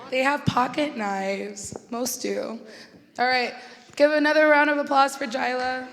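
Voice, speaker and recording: A young woman emceeing a school talk event, loud and upbeat as she introduces speakers. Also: sits high, fairly even intonation, unhurried. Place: school theater stage. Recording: echoey auditorium.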